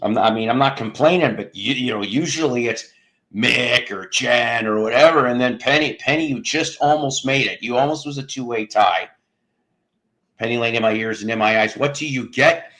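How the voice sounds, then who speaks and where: A man with a mid-range, slightly bright voice hosts a casual livestream at a moderate pace. He rambles and jokes with his viewers, cracking crude jokes and laughing at them himself.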